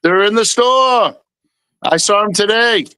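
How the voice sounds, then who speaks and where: A man co-hosting a live podcast, chiming in casually with quick agreeing interjections. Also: sits high, crowd noise. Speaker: podcast co-host.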